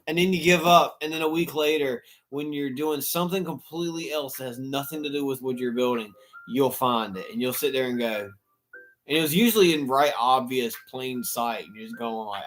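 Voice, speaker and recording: Chatty animated man on a livestream. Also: mid-range voice, brisk, a little hiss or hum. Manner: chatty, animated, bursts into playful shouting impressions. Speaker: livestream host. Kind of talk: casual livestream chat.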